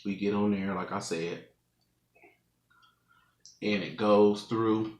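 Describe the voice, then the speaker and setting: His fairly low voice is slow, a little mellow, and fairly even in intonation. The speaker, a mukbang vlogger in his twenties, laughs often while telling viewers a meandering story from an echoey room at home.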